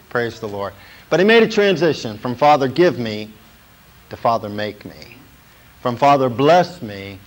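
A man preaching a sermon as a pastor, pausing to check in with "okay?" and building to emphatic points. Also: medium pitch, a little hiss or hum, low-quality recording. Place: small church.

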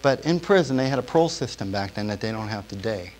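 A man giving a sermon testimony to a congregation, telling his story in a storytelling way that drops to a hush and then rises to emphasis. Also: on the low side, expressive, quick pace, slight background noise. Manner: storytelling, swinging from hushed to emphatic.

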